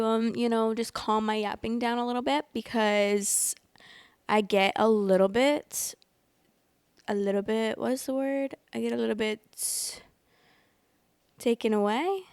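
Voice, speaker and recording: A woman chats casually on a story podcast, speaking close to the microphone in a dry, deadened space. Her voice has a crisp clarity and a slight vocal fry. She rambles and apologizes, fills her talk with "like", and sometimes yawns mid-sentence. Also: mid-range voice, no room sound. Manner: rambling and apologetic, many fillers like "like"; often yawns while talking. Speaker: podcast host reading online stories. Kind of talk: casual chat and story reading.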